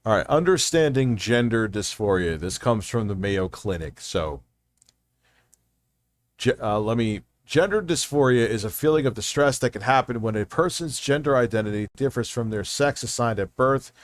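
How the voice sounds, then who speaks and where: A middle-aged man streaming from home, loud and animated in casual commentary, swearing freely. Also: mid-range voice, moderate pace, a little hiss or hum. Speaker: streamer reacting to videos.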